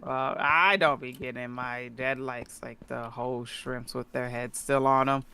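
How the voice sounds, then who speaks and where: A man's voice: medium pitch, fairly even intonation, measured pace, pushed and bright, smooth. A man chatting casually with friends while gaming, telling stories in a blunt, slangy way.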